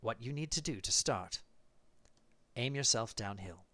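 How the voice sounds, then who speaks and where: A man's voice: medium pitch, lively intonation, unhurried, fairly bright tone, no echo. A man voicing a know-it-all AI living in smart glasses, giving matter-of-fact instructions. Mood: instructive.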